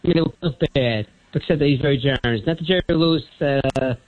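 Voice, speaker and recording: An older retired man calling in on the phone, with a thin high "helium" voice, rambling from one topic to the next. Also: fast, no room sound. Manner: rambling, jumps between topics. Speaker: caller. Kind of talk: rambling call-in sports talk. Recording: muffled phone-line call.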